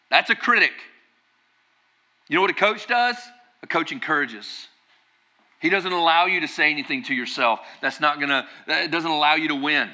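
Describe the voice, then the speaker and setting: A male pastor delivers a sermon in a relaxed, conversational way. His tone is very bright and ringing, and he lifts into emphatic, driving bursts to make a point. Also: on the high side.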